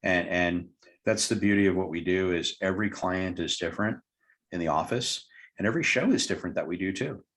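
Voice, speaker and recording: A man's voice: low voice, a little fast, fairly bright tone. A man, a hypnotherapist guest, telling a client story in an interview and acting out both sides of the dialogue. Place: lived in Tucson, Arizona.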